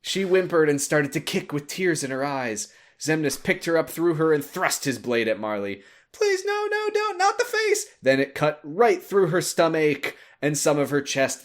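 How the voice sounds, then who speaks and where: A man co-hosting a casual podcast, reading aloud and making sarcastic jokes. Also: medium pitch. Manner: joking, sarcastic. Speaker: podcast co-host. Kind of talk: casual chat, reading fan fiction aloud.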